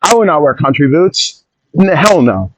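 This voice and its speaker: A podcast host delivers a casual, rambling monologue full of opinions, veering off on tangents and interrupting himself. His voice is fairly high with big swings in pitch, and there is background noise.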